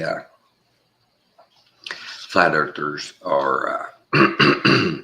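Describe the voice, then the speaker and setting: A man's voice: a bass voice, unhurried, long pauses, pushed and bright. A man from Texas giving a rambling, sarcastic commentary from home, scornful of the people he talks about. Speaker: channel host. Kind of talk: casual commentary vlog.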